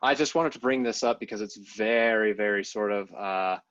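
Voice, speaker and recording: A man's voice: lowish voice, normal speed, fairly bright tone, no room sound. A man talking politics on a podcast he co-hosts, rambling and hedging with lots of fillers. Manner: rambling, many fillers and hedges. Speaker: podcast co-host. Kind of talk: casual political discussion. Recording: dull lo-fi sound.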